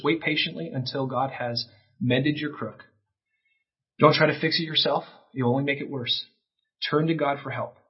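A man preaching a sermon as pastor, impassioned, with peaks that rise to near-shouting. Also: medium pitch, husky. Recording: dull lo-fi sound.

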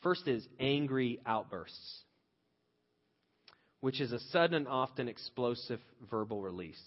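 A man in his thirties gives a conversational sermon and tells stories from his own family life. He restarts phrases often and gets loud when he quotes himself. The sound is dull and lo-fi, with a long reverb from a large hall. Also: mid-range voice, lively intonation, measured pace. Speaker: pastor.

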